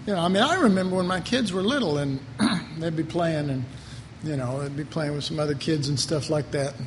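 A middle-aged man preaches in a high voice, casual and rambling, often circling back over his own words. His voice carries a long hall reverb, with a faint wash of ambient noise under it. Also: fairly quick. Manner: rambling, conversational, repeats words. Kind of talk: sermon.

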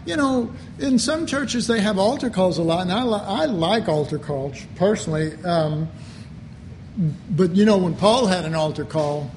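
A man preaching a sermon, slow and deliberate, with animated asides. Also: high-pitched, a little hiss or hum. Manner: slow, deliberate delivery with animated mock voices and laughter.

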